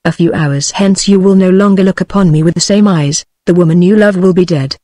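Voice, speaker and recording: A woman's voice: lowish voice, fairly quick, mellow, no echo, clean studio sound, natural voice. British synthetic woman reading a sorrowful fragile singer. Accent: British English. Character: sad, fragile young singer, female.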